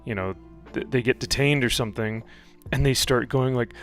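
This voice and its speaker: Man, host, casual chat, hesitant and relaxed, faint music behind. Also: mid-range voice, moderate pace. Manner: relaxed, hesitant, uses fillers.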